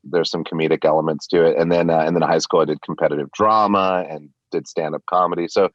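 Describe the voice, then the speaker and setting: A man's voice: sits low, steady tone, quick pace, no echo, highs cut off. A man guesting on a podcast, chatting casually and playfully, laughing often and sliding in and out of put-on accents. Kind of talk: casual interview chat.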